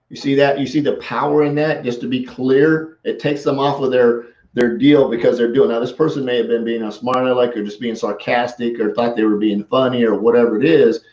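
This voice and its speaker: A middle-aged man talks through sales tactics in a loose, conversational way, now and then slipping into the replies he would give a prospect. His voice sits at an average pitch, and the sound is roomy and a little muffled. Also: steady tone, fairly quick, darkish tone. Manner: conversational, acts out sample replies. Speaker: sales coach. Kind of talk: casual coaching talk. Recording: roomy, slightly dull audio.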